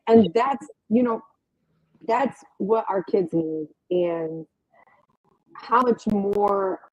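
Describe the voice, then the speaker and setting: A woman's voice: a little high, lively intonation, drawn-out words, gravelly, darkish tone, no room sound. A woman hosting an interview, speaking casually and emphatically, often adding "right?". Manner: emphatic, uses rhetorical "right?". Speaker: host. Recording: dry tinny phone-like line.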